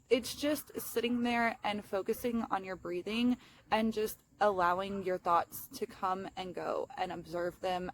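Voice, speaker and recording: A woman's voice: medium pitch, slight background noise. A young woman with a lisp, chatting casually and apologetically outdoors in a self-help vlog, with lots of fillers. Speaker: vlogger.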